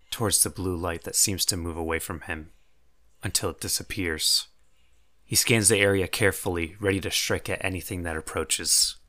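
A man's voice: low voice, bright, forceful tone. A man narrating a fantasy tabletop game as game master, telling the story in a vivid, descriptive way. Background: faint music.

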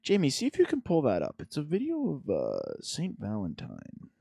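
A man's voice: mid-range voice, huge pitch swings, moderate pace, vocal fry, warm tone, husky, dry recording, studio quality. A man hosting a podcast, ranting sarcastically in casual chat. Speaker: podcast host.

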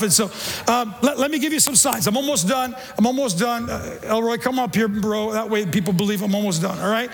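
A middle-aged male pastor preaching a sermon in a church, animated, stumbling over repeated words and acting out the voices he quotes. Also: very high voice, a little fast. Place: church sanctuary. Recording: long church reverb.

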